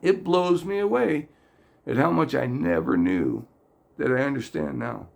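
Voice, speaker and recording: The host of this faith video has a mid-range voice with vocal fry and speaks without hurrying. His casual storytelling is earnest and a little meandering, and at times he gets loud, excited, and emotional.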